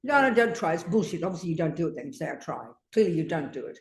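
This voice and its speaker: Her voice lowish and her speech rapid-fire and animated, an older Buddhist teacher questions a student in a harsh, confrontational manner. Swear words come easily to her, and the teaching space is echoey.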